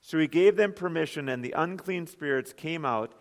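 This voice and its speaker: A man's voice: a little high, normal speed. A man, a pastor, preaching an earnest sermon full of rhetorical questions. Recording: long hall reverb.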